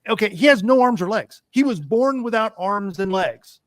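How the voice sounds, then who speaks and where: A man hosts a heated political talk show, his voice pitched high and recorded close and dry. He rants with force, stumbles and repeats himself as he presses his point. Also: lively intonation, moderate pace, no echo. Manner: emphatic, ranting, repeats himself.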